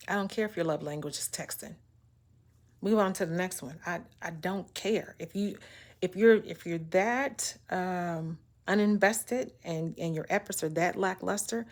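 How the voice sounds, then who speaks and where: A woman vlogger in a casual to-camera monologue, blunt and exasperated. Her voice sits a little low. She punches key words and repeats herself when she gets worked up. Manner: blunt, emphatic, exasperated ranting. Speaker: vlogger giving relationship talk.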